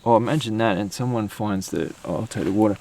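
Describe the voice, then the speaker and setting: A man's voice: on the low side, fast talker, darkish tone, a little hiss or hum. An Australian man hosting an outdoor podcast, chatting casually and rambling with fillers and restarts. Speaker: podcast host.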